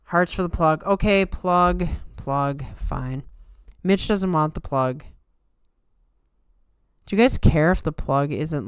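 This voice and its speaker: A woman's voice: low voice, slow pace, clear, resonant tone, no room sound, clean studio sound. A tired woman hosting a livestream, chatting casually and answering comments from her viewers. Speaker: livestream host.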